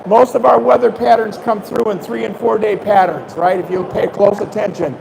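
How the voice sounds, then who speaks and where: An older man, a fishing guide, telling lively fishing stories to a live expo crowd and acting out the dialogue. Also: high-pitched, moderate pace, background noise. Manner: animated storyteller, acts out dialogue, coughs and clears throat. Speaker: fishing guide giving a seminar. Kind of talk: storytelling talk at a fishing expo. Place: expo hall stage, live audience.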